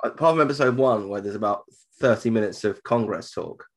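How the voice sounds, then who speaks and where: Speaking a little fast in a fairly low voice, this southern English podcast co-host keeps the chat casual and jokey. He often restarts sentences, repeating himself along the way.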